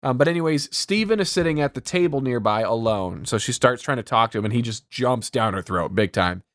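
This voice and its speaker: A man's voice: mid-range voice, animated, fairly quick, a bit bright, no room sound, clean studio sound. A man co-hosting a podcast, giving a loose, profane summary of a film's plot. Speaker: podcast co-host. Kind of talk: casual movie recap chat.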